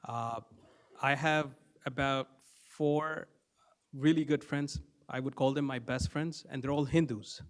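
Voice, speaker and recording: A middle-aged man from India, giving a public comment at a council meeting, plain and measured with a few fillers. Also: medium pitch, fairly even intonation.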